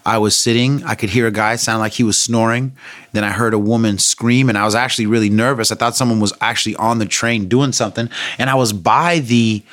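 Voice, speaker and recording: Middle-aged man, lowish voice, candid vlogger storytelling, dry close sound. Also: a bit bright, no room sound. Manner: candid, conversational, thoughtful, with frequent fillers. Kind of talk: reflective personal storytelling.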